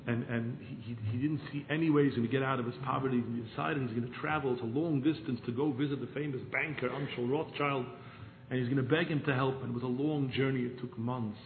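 A man telling a parable in a sermon, moving from hushed narration to pleading. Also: medium pitch, a little hiss or hum. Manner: storytelling, swings from hushed to pleading. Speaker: rabbi. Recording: echoey room over a tinny phone-like line.

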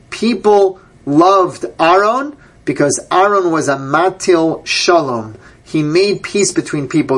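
Husky-voiced man teaching a Bible class. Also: a little high. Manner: reads verses aloud, then translates and explains them. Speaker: Torah teacher.

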